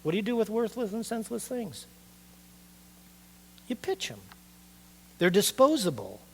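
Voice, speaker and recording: Animated middle-aged male pastor preaching. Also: high voice, moderate pace, creaky. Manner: conversational, animated preaching with rhetorical questions to the congregation. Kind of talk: sermon.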